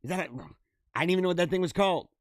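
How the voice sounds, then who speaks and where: A man's voice: high-pitched, racing, no room sound, studio quality. A man hosting a show, casually reading out odd news stories and riffing on them with lots of laughter, speaking straight to his viewers. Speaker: podcast host.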